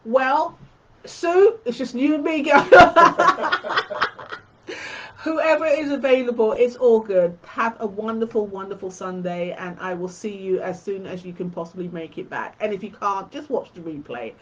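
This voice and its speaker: A woman's voice: medium pitch, moderate pace, hardly any pauses, dull audio, noisy background. A woman hosting a quilting tutorial live stream, chatting casually and fondly with her viewers.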